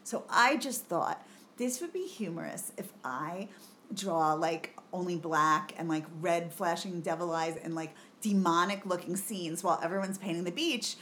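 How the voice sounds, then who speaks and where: A middle-aged woman co-hosting a podcast in casual chat, an animated storyteller who swears freely and laughs often. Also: lowish voice, moderate pace, a little hiss or hum. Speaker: podcast co-host.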